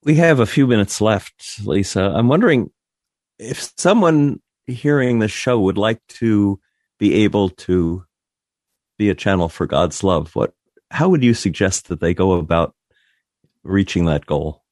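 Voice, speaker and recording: A man hosting a talk show, asking a guest a question in a calm, measured way. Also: on the low side, dry recording, clean studio sound. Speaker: host.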